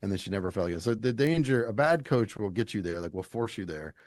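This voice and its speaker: A middle-aged man from Louisiana, a leadership coach talking as a podcast guest in an animated, emphatic, folksy storytelling way. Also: lowish voice, fast talker, dry recording. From Louisiana, United States. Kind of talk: conversational interview.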